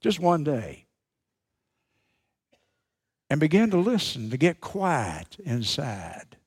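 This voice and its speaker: Man, pastor, sermon, slow deliberate delivery, emphatic repetition, dramatic pauses. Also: fairly high pitch, wildly swooping pitch, husky. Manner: emphatic preaching with dramatic pauses, repeats key phrases.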